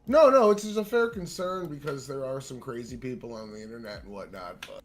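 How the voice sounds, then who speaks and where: A man talking as a guest on a streamed call, relaxed and offhand, swearing casually. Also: medium pitch, fairly quick, background noise. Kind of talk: casual chat. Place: home streaming setup, on a call.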